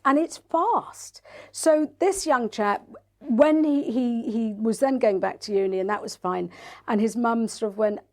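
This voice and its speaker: A woman, a parenting coach, chatting in an interview and telling lively stories, acting out other people's voices. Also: fairly high pitch. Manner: animated storytelling, acts out quoted voices. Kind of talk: casual interview chat.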